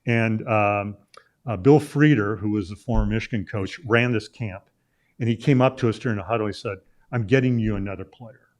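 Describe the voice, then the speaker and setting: A fairly low-pitched man speaking at normal speed tells a long story on a talk show where he's a guest. He's a middle-aged sports journalist from Illinois, and his casual, rambling anecdote is full of "uh" fillers and restarts.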